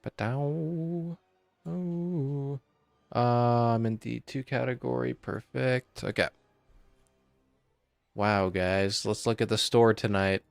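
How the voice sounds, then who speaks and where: A young man chats slowly with his stream audience, his voice emotional and on the verge of tears. He sighs often and talks in loose, casual slang. The sound is dry and close, with faint music in the background. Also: mid-range voice, creaky, dry recording. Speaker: game streamer. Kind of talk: casual live-stream chat.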